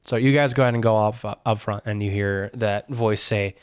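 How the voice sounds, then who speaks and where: A game master narrating a tabletop role-playing game in an expressive way. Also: mid-range voice, moderate pace, clear, resonant tone.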